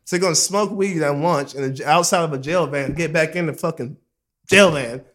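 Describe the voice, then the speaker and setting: A young man telling a story in casual chat, animated and profane, acting out quotes and laughing often. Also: fairly high pitch, fairly quick.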